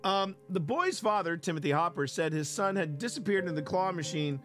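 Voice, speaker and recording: A man's voice: high voice, lively intonation, fairly quick, over music. A man hosting a stream, casually reading weird news stories aloud and rambling through them with frequent laughs and restarts. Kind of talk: casual commentary.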